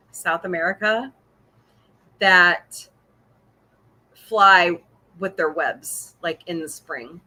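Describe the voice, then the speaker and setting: Middle-aged lady chatting on her stream, bright voice, laughs a lot, rambles along. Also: medium pitch. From Missouri. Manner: chatty, laughs often, reads viewer comments. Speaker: podcast host. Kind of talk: casual livestream chat.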